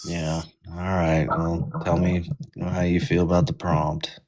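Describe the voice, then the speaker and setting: Very deep-voiced chatty co-host man. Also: level tone, a little mellow, slight background noise. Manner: quick, chatty, breaks into laughter. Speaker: livestream co-host. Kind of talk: casual livestream chat.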